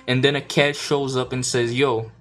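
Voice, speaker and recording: A woman's voice: rumbling low, flat delivery, moderate pace, a little hiss or hum, rough recording. A woman streamer rambling through casual commentary, giggling and cracking crude jokes.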